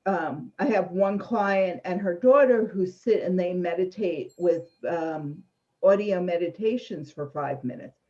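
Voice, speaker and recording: Mellow woman in her fifties, lo-fi audio. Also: fairly low pitch, a little slow. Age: 50s. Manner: calm, coaching, explains step by step. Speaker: sleep educator guest. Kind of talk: explanatory interview talk. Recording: dull lo-fi audio.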